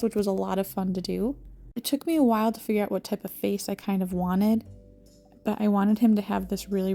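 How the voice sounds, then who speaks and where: Gravelly, mellow-voiced woman craft vlogger. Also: mid-range voice. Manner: chatty and self-mocking, with little laughs. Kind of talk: casual voice-over narration of a craft project.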